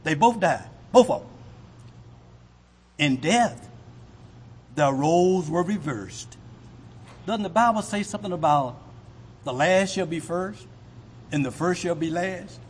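A man preaching a sermon with a husky voice, asking the congregation rhetorical questions. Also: high-pitched, animated, a little slow, pauses often. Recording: long hall reverb.

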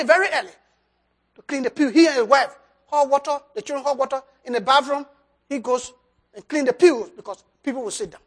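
Preacher, high voice, sermon, emphatic, loud-soft swings, loose grammar. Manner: loose, nonstandard English grammar. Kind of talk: sermon with altar call.

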